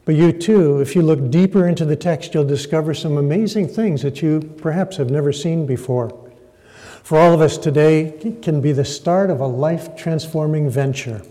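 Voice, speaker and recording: A man's voice: on the high side, normal speed, dark tone. A man preaching a sermon, dramatically stressing words and polling the audience for a show of hands. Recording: echoey hall reverb.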